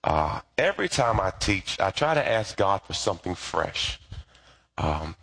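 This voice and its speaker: A man preaching a sermon as pastor, lively and colloquial, with asides to the congregation. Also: low-pitched, unhurried, vocal fry.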